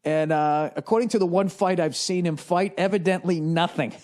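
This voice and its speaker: A Boston-accented comedian and podcast host in his forties tells a rambling, profane comic story, mimicking the people in it. His voice is high and darkish in tone, his pace moderate, with a little hiss or hum in the audio.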